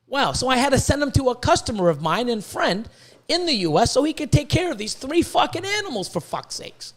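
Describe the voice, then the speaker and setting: A man's voice: extremely high pitch, very animated, fairly quick, fairly bright tone. A man hosting a podcast, ranting in a rambling, profane way and stumbling over repeated words. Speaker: podcast host, reptile breeder. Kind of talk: casual podcast rant.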